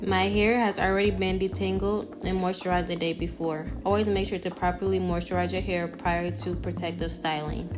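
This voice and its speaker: A woman's voice: lowish voice, steady tone, moderate pace, hardly any pauses. Young woman doing a hair tutorial vlog, teasing and chatty, music going behind her. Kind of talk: casual tutorial vlog with voice-over. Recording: music playing underneath.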